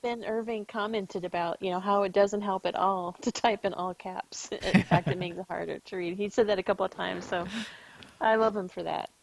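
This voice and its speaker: A woman co-hosting a podcast in casual chat, measured and even-handed with a few small fillers. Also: medium pitch, vocal fry, no room sound, poor audio. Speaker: podcast co-host.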